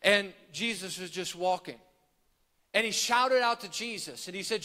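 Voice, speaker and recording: A male preacher telling a story in a sermon, building from quiet telling to fervent shouting, with long reverb in a large church hall. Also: sits high, lively intonation, normal speed.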